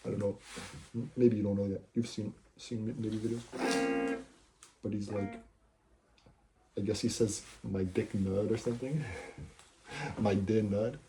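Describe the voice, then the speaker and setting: A young musician streamer freestyle raps and rambles over loud guitar, loose and crude, laughing often. His voice sits lowish with a steady tone, and he takes his time, pausing often.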